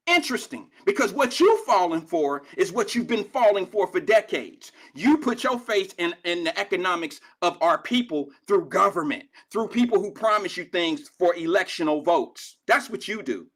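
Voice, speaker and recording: A man's voice: sits high, lively intonation, moderate pace, hardly any pauses, a bit bright. A middle-aged man from Cincinnati hosting a live call-in show, ranting in a fiery, profane and confrontational way at his critics. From Cincinnati, USA. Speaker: talk show host.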